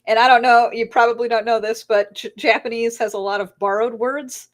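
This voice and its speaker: A woman author chatting as a guest in an interview, telling animated stories and slipping into voices for the people in them. She laughs often while she talks, and her voice sits a little high. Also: a little fast. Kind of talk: casual interview chat.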